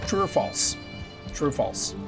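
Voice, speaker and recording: A man streaming a game with a headset mic, chatting and joking with viewers as he plays. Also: unhurried. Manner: chatty, jokey, talks to chat while playing. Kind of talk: casual gameplay chat with viewers. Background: game music.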